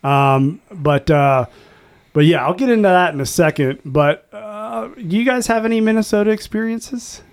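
A man's voice: high-pitched, moderate pace, clear, resonant tone. A man hosting a casual beer-tasting podcast, telling rambling, easygoing stories. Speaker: podcast host.

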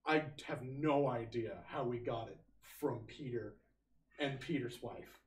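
A young American man explaining things in a relaxed, casual conversation. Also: medium pitch, a little slow, slight background noise. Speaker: guest. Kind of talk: casual chat. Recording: roomy, distant mic.

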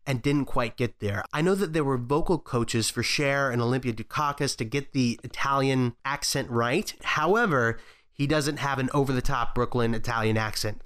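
A man's voice: medium pitch, moderate pace, fairly bright tone, clean tone. A man co-hosting a casual film discussion podcast, wry and joking, often restarting his sentences. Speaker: podcast co-host.

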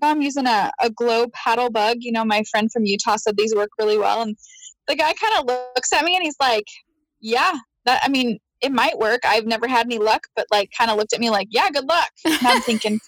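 A woman telling a story in casual chat, animated, laughing often and acting out her own quotes. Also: a little high, a little fast, no echo, poor audio. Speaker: guest.

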